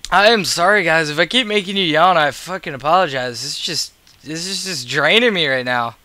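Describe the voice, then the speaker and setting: A man's voice: a little high, lively intonation, moderate pace, pushed and bright, no room sound. A tired man, grumbling and swearing through casual gameplay commentary. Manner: profane, grumbling, sarcastic. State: tired and yawning. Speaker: gaming video creator.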